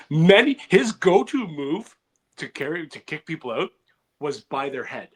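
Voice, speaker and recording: A man hosting a comedy podcast has a slightly high, husky voice that swings widely in pitch and moves slowly. He rambles through anecdotes in casual storytelling, restarting often and acting out quotes.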